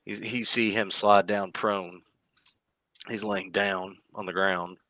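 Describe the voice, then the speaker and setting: A man running a tabletop game as game master, narrating scenes in a relaxed, descriptive way with some hesitations. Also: fairly low pitch, slow, no echo.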